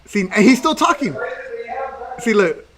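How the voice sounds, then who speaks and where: A man's voice: high voice, big pitch swings, measured pace, a crowd in the background. A man hosting a podcast in casual chat, teasing his guest and repeating his commands. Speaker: podcast host.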